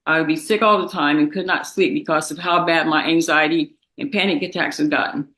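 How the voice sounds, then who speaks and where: A young woman reading a prepared statement in a courtroom, emotional and halting, fighting back tears, with restarts and repeated words. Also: low voice, fairly even intonation, fairly bright tone, poor audio. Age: young adult. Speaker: victim's daughter giving impact statement.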